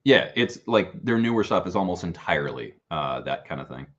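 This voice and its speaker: A male guest talking casually and at length, filling his sentences with "like" and "uh." His voice sits very low. The sound is a bit dull and lo-fi, as if heard through a remote call. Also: big pitch swings, a little fast, fairly bright tone. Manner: rambling, lots of "like" and "uh" fillers. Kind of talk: casual conversation.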